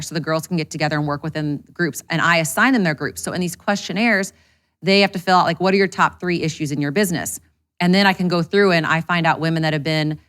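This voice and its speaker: A woman entrepreneur, a guest on a podcast, talking casually and candidly, with swearing. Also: deep voice. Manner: rapid, animated, candid with swearing.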